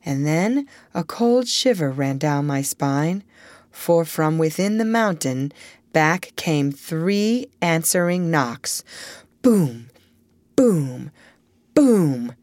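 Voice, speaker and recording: A woman reading a children's storybook aloud as narrator, expressive and lively in her storytelling. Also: low-pitched, slow, dry recording. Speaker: audiobook reader.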